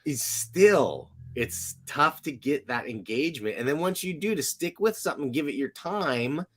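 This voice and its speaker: Upbeat male co-host, 30s, slightly raised pitch, lively, eager podcast banter. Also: moderate pace. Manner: enthusiastic, animated, hesitant fillers. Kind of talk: casual chat.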